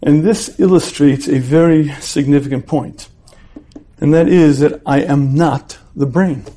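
A man's voice: fairly high pitch, warm tone. A man teaching a religious class in a conversational way, posing rhetorical questions and acting out everyday scenes. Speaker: Torah teacher. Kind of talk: lecture on repentance.

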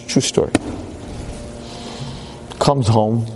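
A man telling a story in a sermon, an animated storyteller with dramatic pauses. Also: medium pitch, a little hiss or hum. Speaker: rabbi lecturer.

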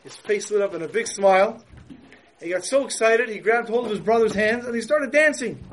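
High-voiced man telling a sermon story. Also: fairly quick, slight background noise, low-quality recording. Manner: lively storyteller, explaining with examples.

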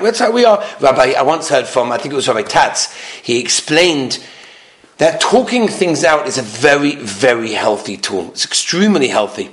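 A man, a rabbi, giving an animated lecture full of anecdotes, driving points home with emphatic repetition. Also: mid-range voice. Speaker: rabbi giving a talk on marriage. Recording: roomy echo.

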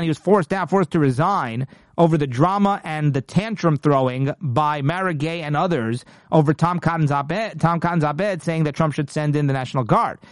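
Guy doing a political commentary show, kinda high voice, worked up and emphatic, dry close sound. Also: no echo. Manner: emphatic and indignant, with frequent restarts.

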